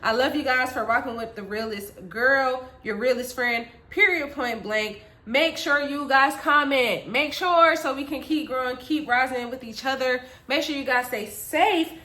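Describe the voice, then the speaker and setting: A young woman vlogger telling a casual storytime, animated and lively, slipping into voices as she quotes people. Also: high-pitched, moderate pace, hardly any pauses. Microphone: phone or tablet camera. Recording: echoey room.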